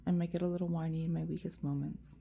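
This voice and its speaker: Woman vlogger, low dark gravelly voice, rambling profane venting to camera. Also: level tone, fast talker, slight background noise. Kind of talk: emotional rant to camera.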